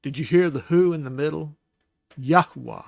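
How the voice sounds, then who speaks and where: A man hosting a Bible study, teaching casually and thinking aloud, with restarts and soft laughs. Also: a little high, fast, creaky, dry recording.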